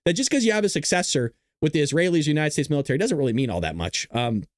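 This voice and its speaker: A man with a fairly high voice hosts a live-streamed political commentary show, bouncing between excitable play-by-play, jokes and combative jabs at his chat. He talks close to the microphone in a dry, deadened sound with no room echo. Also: quick pace. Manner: excitable, joking and combative, talking straight to chat. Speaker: livestream news host.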